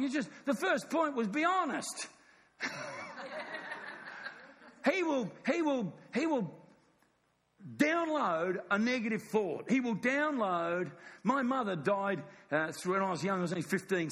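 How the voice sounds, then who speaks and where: Emphatic high-voiced preacher man. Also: fairly bright tone, long reverb tail. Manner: emphatic, repeats phrases, asks congregation "yes or no?". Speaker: pastor. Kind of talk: sermon. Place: church.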